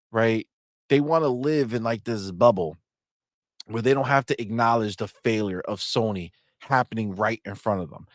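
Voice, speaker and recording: A man co-hosting a gaming talk show, heckling and swearing in animated casual chat. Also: mid-range voice, dry recording, studio quality. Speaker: podcast co-host.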